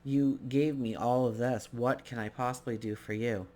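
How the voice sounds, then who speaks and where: An eager emperor, impatient for what comes next and lavish with gratitude, as a woman storyteller puts him on. He fires off short, pressing questions in a fairly low voice. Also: fairly even intonation, moderate pace, a little mellow, slight background noise. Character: eager grateful emperor, man.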